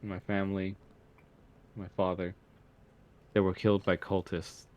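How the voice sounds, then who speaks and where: A man playing a calm, sorrowful woman sorcerer in a tabletop game, speaking quietly. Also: low voice, unhurried. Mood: regretful.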